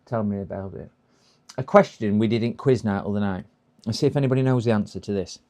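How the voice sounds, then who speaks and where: Male livestream host, casual rambling chat, voice going hoarse. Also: lowish voice, quick pace, mellow. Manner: chatty, rambling, laughs at his own jokes. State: voice going hoarse, clearing throat. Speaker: livestream host repairing computers. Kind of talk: casual live-stream chat.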